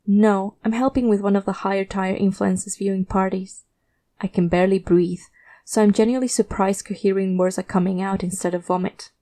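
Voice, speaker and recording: A woman reads a first-person fiction story aloud with a mellow, warm tone. Her delivery is measured and steady, carrying a quiet tension. It sounds like a scripted audiobook narration. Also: mid-range voice.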